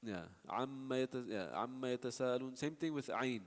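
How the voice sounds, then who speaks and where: A man's voice: medium pitch, lively intonation, moderate pace. Man teaching recitation in a reverberant hall. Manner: patient, stops to demonstrate sounds and answer students. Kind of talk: classroom teaching with spoken examples.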